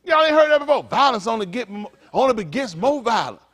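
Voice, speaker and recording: A male pastor delivers a blunt, profane sermon, constantly asking the congregation questions. His voice sits high and leaps up and down. He breaks the preaching with crude joking asides. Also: sing-song, fast talker, a bit bright. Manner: rhetorical, repeated questions to the congregation. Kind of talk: fiery street-talk sermon.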